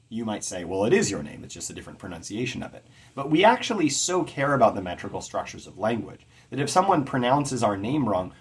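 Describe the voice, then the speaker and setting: A middle-aged man teaching about poetic meter in an earnest, measured way, carefully stressing his words. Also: on the low side, vocal fry, breathy edge. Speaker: poetry teacher.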